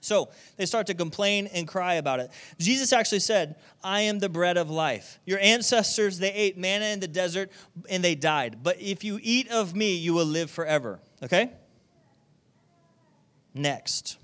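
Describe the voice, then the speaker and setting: A man preaching a sermon in an animated way, often checking in with "okay?" and "right?", and now and then acting out other people's voices. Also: high-pitched, moderate pace. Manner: acts out grumbling voices and loud exclamations.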